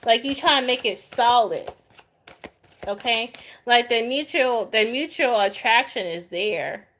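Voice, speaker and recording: A woman's voice: on the high side, unhurried, fairly bright tone, slight background noise. A young adult woman doing a live tarot reading, chatting with viewers by name in a goofy, easygoing way and laughing often. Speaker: tarot reader.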